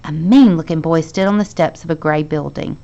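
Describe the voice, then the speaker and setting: A woman teacher reading a children's novel aloud to her class, expressive and lively, with the dialogue acted out. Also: deep voice, a little fast, gravelly, lo-fi sound.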